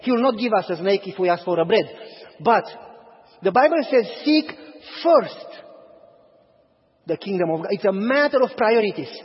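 Male pastor, husky and high, animated storyteller preaching in a church, dull lo-fi recording. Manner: animated storyteller, acts out dialogue. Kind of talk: sermon with storytelling. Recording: dull audio, long hall reverb.

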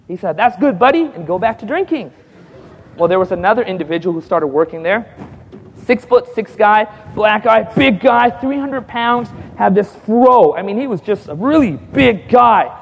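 An evangelist gives his testimony to a congregation, telling it lively, acting out the dialogue with frequent chuckles and calling out to the audience for responses. His high-pitched, creaky voice moves at a moderate pace, with big-room sound and slight background noise.

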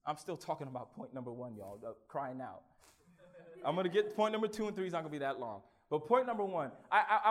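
High-voiced man preaching a testimony sermon. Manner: swings from hushed, halting recollection to loud exclamations; stammers and repeats words.

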